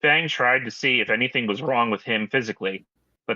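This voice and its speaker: A man reading a fan story aloud with steady narration and joking asides, as host. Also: medium pitch, fairly quick, no room sound, highs cut off.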